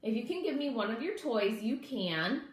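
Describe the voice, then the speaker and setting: A woman reading a storybook aloud, voicing an eager little girl ladybug who pleads in a higher voice. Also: very animated, normal speed. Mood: pleading. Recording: echoey room.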